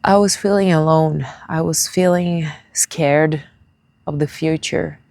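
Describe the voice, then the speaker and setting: A young woman talking to her viewers in a tearful personal vlog, halting and searching for words in English, which is not her first language. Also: deep voice, fairly even intonation, gravelly, a little mellow, no echo. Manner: confiding, speaks straight to viewers. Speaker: vlogger.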